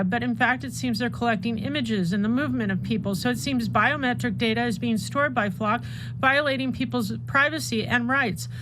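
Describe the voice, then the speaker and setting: A middle-aged woman with a somewhat high voice reads prepared remarks during public comment, earnest and close to emotion. The call line carries a steady hiss of noise behind her.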